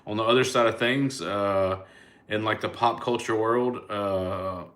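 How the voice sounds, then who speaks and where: A man's voice: lowish voice, steady tone, a little slow, a bit bright. A man with a Southern US accent, a comedian casually chatting live with his fans and answering their comments in a laid-back, rambling way. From United States.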